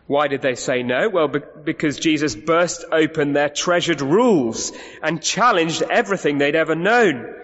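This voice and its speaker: Somewhat high and a bit bright, this preacher's voice comes through muffled in a reverberant hall. His sermon is emphatic, full of rhetorical questions to the congregation and frequently restarted sentences.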